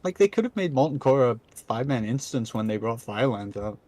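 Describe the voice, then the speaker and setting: A man's voice: mid-range voice, expressive, brisk, a little mellow, dry recording. A Scottish man streaming a game, chatting casually, joking and swearing freely. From Scotland. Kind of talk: casual gaming chat.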